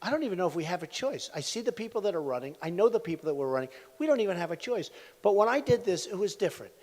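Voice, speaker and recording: A man in his sixties speaks from a podium at a large rally, with a rather high pitch for a man. He rambles through anecdotes, repeats himself and throws asides to the crowd. The hall leaves a long, echoing tail on his voice. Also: sing-song, rapid-fire, darkish tone. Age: 60s. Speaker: presidential candidate at a campaign rally. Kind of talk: campaign rally speech. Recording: echoey hall sound from a rally venue.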